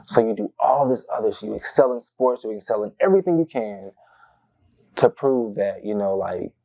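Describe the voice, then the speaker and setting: A young man from Tampa, Florida, telling personal stories as an interview guest, animated and acting out the voices of the people in them. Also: lowish voice, moderate pace, vocal fry. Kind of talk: casual personal storytelling.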